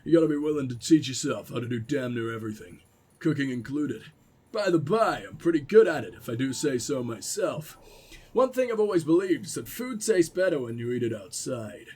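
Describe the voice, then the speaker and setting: A man reading aloud as a self-reliant male prepper, pushing his voice lower and rougher. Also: expressive, brisk, darkish tone. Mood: folksy. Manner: attempted gruff, lower voice. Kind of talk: reading a game message aloud in character.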